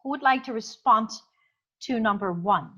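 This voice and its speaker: A woman's voice: on the high side, moderate pace, a bit bright, husky, highs cut off. A woman teacher giving an online class. She explains through many examples and thinks aloud with fillers. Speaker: English teacher.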